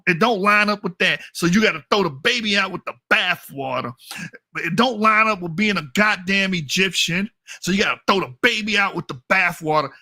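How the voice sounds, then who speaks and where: A man's voice: high-pitched, bright, forceful tone, no echo, clean studio sound. A man hosting a channel, giving blunt, mocking and profane commentary as he reacts to results on screen. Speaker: channel host.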